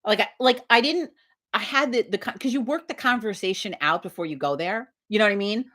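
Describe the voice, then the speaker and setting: A woman's voice: medium pitch, brisk, fairly bright tone. A woman hosting a casual live stream, telling a story bluntly and animatedly with a lot of swearing. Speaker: livestream host.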